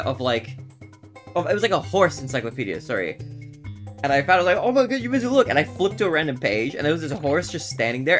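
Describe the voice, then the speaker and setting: A young man streaming from his bedroom, chatting to viewers in a lively, swooping voice and breaking into giggles between rambling stories. His pitch sits in the middle, and game music plays clearly behind him. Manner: giggly, rambling and animated, often laughing. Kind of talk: casual live-stream chat.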